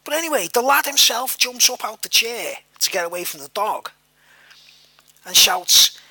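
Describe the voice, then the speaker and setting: A man's voice: high-pitched, sing-song, measured pace, sharp tone, husky, dry recording. A man telling a personal story in a rambling, repetitive way, full of fillers and the odd swear word. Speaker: vlogger.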